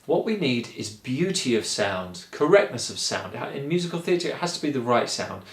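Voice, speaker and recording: A man giving a singing lesson, explaining calmly and encouragingly, step by step. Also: medium pitch, normal speed, reverberant. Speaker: singing teacher. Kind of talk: vocal lesson.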